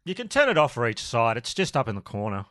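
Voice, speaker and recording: A man's voice: medium pitch, huge pitch swings, quick pace, fairly bright tone, no room sound. A man co-hosting a podcast remotely, trading dry, sweary jokes in casual banter. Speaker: podcast co-host. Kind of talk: casual chat.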